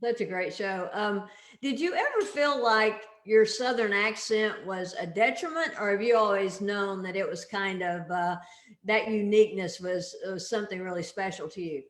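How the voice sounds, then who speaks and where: Woman, podcast host, mid pitch, echoey room, easy laughs. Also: normal speed. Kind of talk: casual interview.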